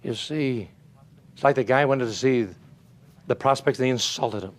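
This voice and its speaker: A man's voice: medium pitch, moderate pace. An older man giving a motivational speech, telling folksy stories and asking his audience rhetorical questions. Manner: animated, folksy storytelling with rhetorical questions and chuckles. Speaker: motivational speaker.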